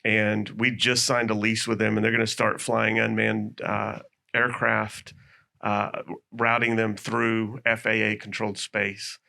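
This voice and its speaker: Man, airport official on a panel; low, flat, gravelly voice, stammering. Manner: halting, stammers and restarts. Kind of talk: panel discussion.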